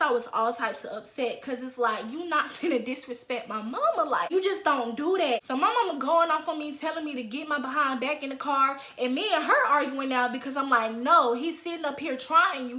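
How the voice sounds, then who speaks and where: A young woman vlogger telling an animated, heated story. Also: sits high. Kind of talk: storytime vlog. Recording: roomy echo.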